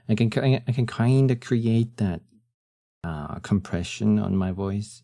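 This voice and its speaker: With an expressive, mellow, deep and husky morning voice, a young man talks casually on a live stream. His manner is relaxed and a little slow, and his sentences often trail off with fillers.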